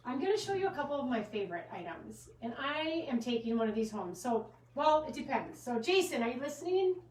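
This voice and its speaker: A woman's voice: high voice, very animated, brisk, a little mellow, roomy sound, recorded from a distance, slight background noise, rough recording. A woman running her gift shop's live sale, chatting casually and giggly, wandering onto side topics as she shows products. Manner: chatty, giggly, goes off on tangents. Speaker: gift shop owner hosting a live sale. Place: inside a small gift shop with a trickling fountain.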